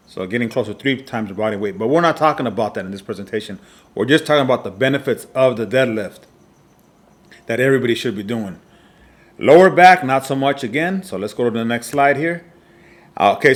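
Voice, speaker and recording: Emphatic man teaching from slides. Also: medium pitch. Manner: repetitive, emphatic, frequent "all right" checks. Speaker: fitness coach. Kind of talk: slide presentation lesson.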